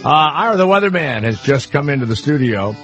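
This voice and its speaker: A man's voice: fairly high pitch, very animated, brisk, fairly bright tone, soft background music. A man hosting a talk radio show, chatting loosely and joking with guests and callers, rambling with fillers. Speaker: radio host. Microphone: studio microphone.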